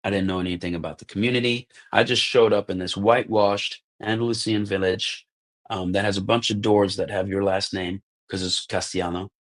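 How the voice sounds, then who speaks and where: An American man in his thirties, a podcast guest telling casual stories, animated, acting out the lines of people in them and often saying "like" and "bro". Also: lowish voice, brisk. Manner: animated, acts out quoted dialogue, says "like" and "bro" often. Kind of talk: casual storytelling.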